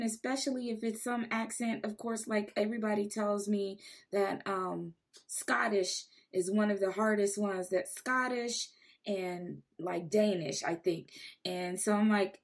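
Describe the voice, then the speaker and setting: A woman's voice: medium pitch, fairly even intonation, measured pace. A woman hosting a podcast interview, chatting enthusiastically and laughing along with her guest. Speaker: podcast host.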